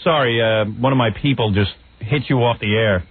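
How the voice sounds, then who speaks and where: Brash radio host trading insults. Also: male voice, mid-range voice, brisk, slightly rough, dry recording. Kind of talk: morning radio talk show. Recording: phone-like radio broadcast audio.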